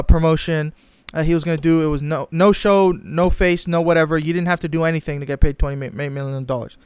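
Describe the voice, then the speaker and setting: A man's voice: a little high, clean tone, no echo. A man from the Los Angeles area giving heated, profane, sarcastic sports commentary. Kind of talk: ranting opinion commentary.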